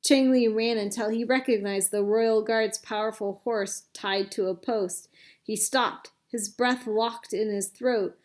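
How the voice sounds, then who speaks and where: A woman narrating a children's adventure story with clear, expressive reading. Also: a little high, measured pace.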